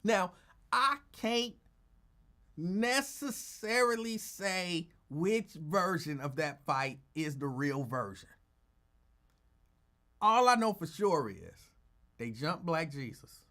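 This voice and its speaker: A male radio talk host spins a story in a casual, teasing voice, with a pitch that swings widely up and down. He dramatizes the moments and lingers on them for effect. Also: slow, long pauses. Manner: animated, teasing, acts out quotes.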